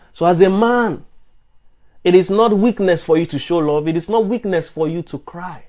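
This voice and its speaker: Male preacher, earnest and repetitive, slightly raised pitch, streamed sermon. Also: dark tone. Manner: earnest, repetitive, stammering restarts.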